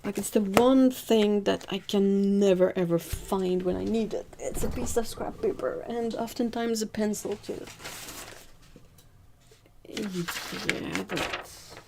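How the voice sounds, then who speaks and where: A woman hosting an art livestream, chatting casually with viewers, emphatic and lively. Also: medium pitch, slow pace, creaky, noisy background. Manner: chatty, answers viewers' chat.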